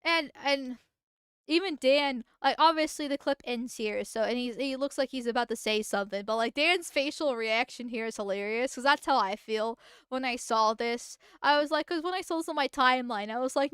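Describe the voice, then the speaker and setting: High, smooth-voiced woman commentator. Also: moderate pace, no echo, clean studio sound. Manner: thinks out loud, reads posts aloud with many restarts. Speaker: political streamer. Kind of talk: casual commentary reacting to posts.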